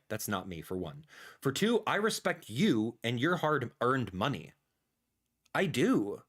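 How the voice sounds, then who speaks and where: A young man streaming a live reaction, ranting and exasperated, with sudden loud outbursts. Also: medium pitch. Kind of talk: casual livestream reaction.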